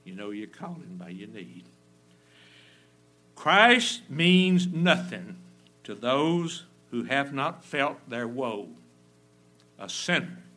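With a medium-pitched voice, a man preaches a fervent sermon, swinging from loud emphasis down to a near whisper and repeating phrases for effect.

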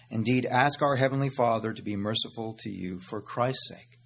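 A man's voice: on the low side, normal speed, vocal fry, slight background noise. A man preaching a sermon as pastor, earnest and direct, calling his listeners "beloved" and "my friend" and asking questions he answers himself.

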